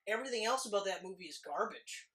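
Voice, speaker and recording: A man's voice: sits high, lively intonation, fast talker, sharp tone. A man in his thirties, co-hosting a casual movie podcast, who rambles, swears freely and fills his talk with "like.". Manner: rambling, profane, lots of "like". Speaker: podcast co-host.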